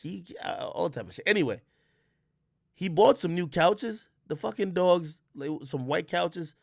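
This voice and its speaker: A man from Jamaica rants on his livestream in a casual, profane way, and his voice leaps around with lively, expressive swings. He sits a little high for a man and jumps from loud outbursts to low mutters. The sound is close and dry, with no room around it. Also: measured pace, creaky, dry recording. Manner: swears often. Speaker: livestream host.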